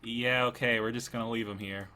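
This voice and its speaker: A man's voice: mid-range voice, fairly even intonation, brisk, sharp tone, close to an everyday voice. A man voicing a chatty, nervous male skeleton just freed from a crypt, who talks awkwardly and stammers in a tabletop game.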